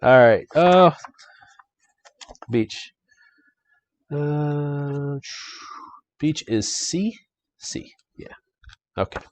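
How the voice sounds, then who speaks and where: A man's voice: mid-range voice, lively intonation, drawn-out words, long pauses. Chatty man streaming a board game. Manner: upbeat, chatty, talks to viewers. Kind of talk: casual live-stream playthrough commentary.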